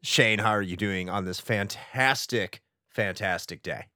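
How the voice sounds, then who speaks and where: A man's voice: fairly low pitch, unhurried, bright, forceful tone, no room sound, studio quality. A man hosting a retro gaming podcast, talking in a playful, wordy, alliterative way. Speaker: podcast host. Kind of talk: casual podcast chat.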